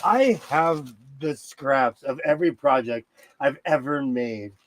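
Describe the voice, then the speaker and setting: A man hosting a casual sewing livestream from his home sewing room, easygoing and quick to laugh. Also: medium pitch, lively intonation, a little hiss or hum. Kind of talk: casual chat.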